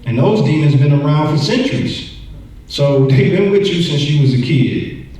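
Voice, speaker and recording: Brief: male Bible teacher with a slightly high voice and a casual, repetitive delivery, distant in an echoey room. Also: expressive, moderate pace, dark tone. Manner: conversational, repeats words, acts out voices. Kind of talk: church lesson, sermon-like.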